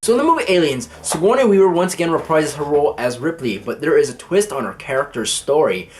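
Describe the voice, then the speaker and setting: A man's voice: a little high, animated, fast, a little mellow, a little hiss or hum. A man casually reviewing a movie, swearing freely as he retells scenes. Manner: casual and profane, acting out scenes.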